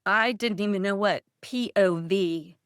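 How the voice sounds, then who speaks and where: A woman's voice: mid-range voice, measured pace, clear, resonant tone, dry recording, studio quality. A woman author in a casual interview, telling stories in a rambling way and laughing often. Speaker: author guest.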